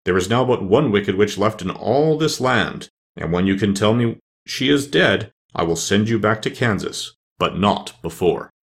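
Man doing a slow, stern giant-head wizard, low and gravelly, storybook. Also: expressive. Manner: slow, commanding.

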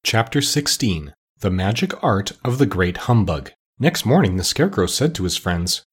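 Husky, expressive male audiobook narrator. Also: on the low side. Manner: measured, expressive storytelling. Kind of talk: scripted narration.

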